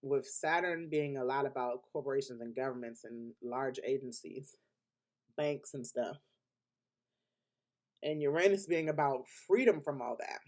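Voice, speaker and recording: A man's voice: mid-range voice, unhurried, a little mellow. Chatty man talking astrology casually. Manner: chatty and emphatic, laughs often between points; loose colloquial speech with restarts. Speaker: astrologer giving a weekly forecast. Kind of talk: casual unscripted monologue.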